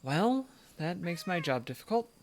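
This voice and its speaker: A man's voice: high-pitched, sing-song, moderate pace, slight background noise. Guy reading lines for a young woman painter, polite and earnest, pretty plain voice. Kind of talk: reading game dialogue aloud.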